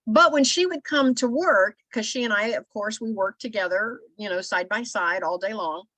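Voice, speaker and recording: A middle-aged woman co-hosting a casual talk show, telling animated stories with lots of filler phrases. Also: medium pitch, normal speed, no room sound. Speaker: podcast co-host. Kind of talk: casual storytelling chat.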